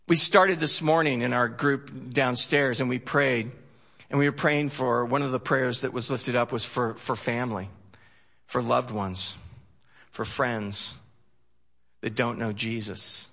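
A man preaching a sermon in a folksy, joking way, swinging from loud emphasis to hushed storytelling. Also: mid-range voice, measured pace. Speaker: pastor.

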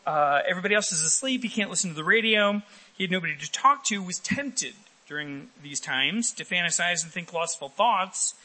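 A man's voice: high voice, a little fast, low-quality recording. A male pastor preaching a sermon in a church, talking with the congregation and asking for raised hands. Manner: lively, talks with the congregation and asks for raised hands.

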